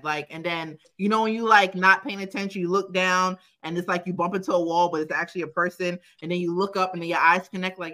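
A young adult woman co-hosting a podcast, telling a personal story in casual chat, profane and animated, quoting herself and laughing often. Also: lowish voice, fast talker, hardly any pauses. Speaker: podcast co-host.

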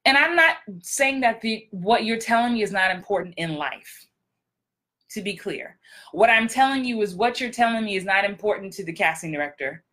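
A woman's voice: mid-range voice, expressive, normal speed, bright, forceful tone. A woman acting coach hosting a podcast, talking in a direct, blunt, emphatic way with repeated punchlines. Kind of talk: casual podcast monologue.

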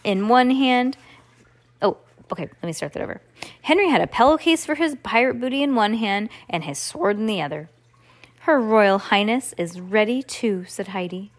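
A woman's voice: fairly high pitch, sing-song, brisk. A woman reading a children's book aloud at home, casually stopping to comment and restart lines. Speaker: reader.

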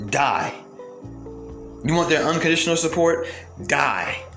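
A commentator fires off rhetorical questions in a heated, profane monologue to his viewers. His voice sits on the high side, animated and a bit bright with vocal fry, at a measured pace. Roomy echo surrounds him, with faint music behind.

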